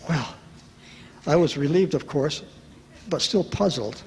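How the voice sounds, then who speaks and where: A man telling a personal story to an audience at a retreat, lively and self-mocking, acting out the voices of the people in it. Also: fairly high pitch, unhurried. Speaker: speaker at a retreat. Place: large hall at a retreat. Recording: reverberant hall with faint background noise.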